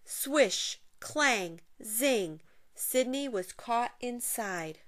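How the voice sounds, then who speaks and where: Expressive woman reading a picture book. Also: fairly high pitch, drawn-out words. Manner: expressive, playful sound effects. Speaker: narrator. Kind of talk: children's picture-book read-aloud.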